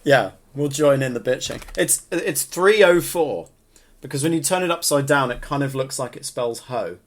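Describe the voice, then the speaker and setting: A man's voice: medium pitch, moderate pace. A man co-hosting a podcast in casual comedic chat, joking and laughing often. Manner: joking, laughs often, trails off mid-sentence. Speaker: podcast co-host.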